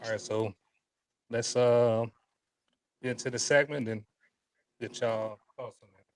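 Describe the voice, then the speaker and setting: Male host, mid-pitched, halting and casual, stumbles and restarts. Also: steady tone. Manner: halting, restarts often, chuckles between points. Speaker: show host. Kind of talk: casual panel talk reading chat comments.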